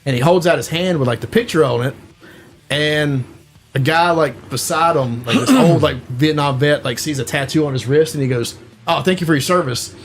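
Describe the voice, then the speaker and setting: A man's voice: on the high side, moderate pace, slight background noise. A man co-hosting a podcast, casually retelling a movie plot in a rambling way, full of "like" and "you know.". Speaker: podcast co-host.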